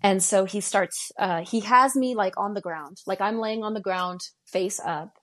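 A woman's voice: medium pitch, measured pace, a bit bright. Guest: woman in her twenties from Denver, recounting events in present tense and voicing each line of dialogue. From Denver, Colorado. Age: 20s. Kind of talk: recounting a personal story.

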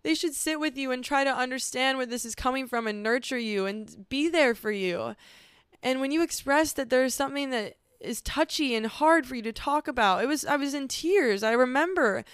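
A woman's voice: high voice, normal speed, clear, resonant tone, no room sound, studio quality. A woman hosting a podcast, talking candidly and earnestly about her feelings in a personal monologue. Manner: earnest and emotional, speaking frankly about feelings. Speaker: podcast host.

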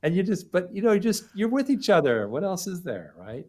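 A man's voice: high voice, sing-song, a little fast, a little mellow. A man speaking as a guest on a podcast, chatty and reflective, often trailing off mid-thought. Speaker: company founder and guest. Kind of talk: casual interview conversation.

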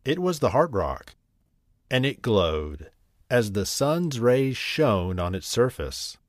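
A man reading a scripted bedtime story in a gentle, unhurried, expressive way. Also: mid-range voice, dry recording, clean studio sound.

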